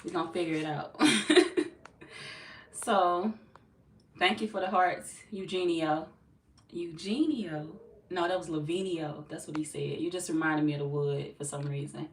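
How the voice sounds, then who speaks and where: A woman, slightly hoarse, chatting casually on a live stream as a tarot reader, greeting viewers by name and swearing freely. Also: sits low, fairly even intonation, moderate pace. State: slightly hoarse, feels she is losing her voice. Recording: echoey room, far from mic, faint noise.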